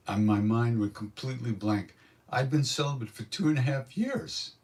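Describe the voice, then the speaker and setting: An older man telling stories at a spiritual gathering, animated and acting out what others said. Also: medium pitch, moderate pace, distant mic. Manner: animated storyteller, acts out quotes. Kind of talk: storytelling satsang talk.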